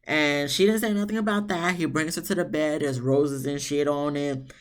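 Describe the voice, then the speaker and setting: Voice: fairly even intonation, normal speed. Blunt sassy tv recap host, cusses a lot, voice shoots way up when fed up. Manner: blunt, sassy, swears freely; jumps into high exasperated tones. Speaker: TV show reviewer, channel host. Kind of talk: casual recap commentary.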